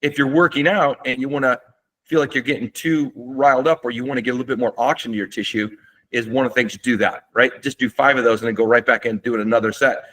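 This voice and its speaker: A man, a doctor, explaining breathing and relaxation techniques in a relaxed webinar lecture, with fillers and restarts, seated at a desk. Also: medium pitch, fast.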